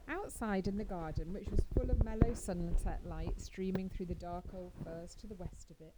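A woman narrating a classic story in a measured, expressive storytelling manner. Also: lowish voice, heavy background noise. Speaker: audiobook narrator. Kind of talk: scripted narration.

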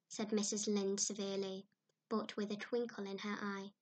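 A woman narrating a classic storybook in an expressive, animated way. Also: medium pitch, moderate pace.

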